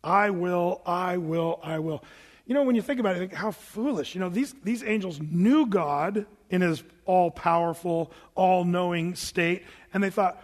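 A man's voice: high-pitched, normal speed, few pauses, a little mellow, in a large hall. A man preaching a Bible-teaching sermon in a conversational, plain-spoken way, with casual asides to the congregation. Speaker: pastor.

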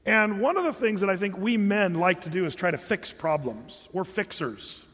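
A man's voice: high voice, animated, moderate pace, a bit bright, husky. A man preaching a sermon in a humorous, conversational way, with joking asides to the congregation. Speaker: pastor. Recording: long hall reverb.

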